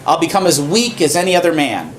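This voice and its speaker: A boastful strongman spins made-up secrets in a glib, evasive tone, as a preacher voices him. The voice sits a bit higher than a plain man's talk. A faint hum of ambience lies underneath. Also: very animated, quick pace, echoey room. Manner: glib, evasive, slightly raised. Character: boastful strong man telling tall lies.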